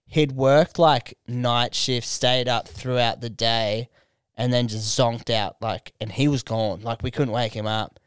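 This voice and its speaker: A man's voice: mid-range voice, a little slow, clean tone, dry recording. A young Australian man, a comedian, telling a story in casual chat, swearing freely and acting out what people said. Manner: animated, swears a lot, acts out quotes. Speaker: comedian podcast co-host. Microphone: studio microphone.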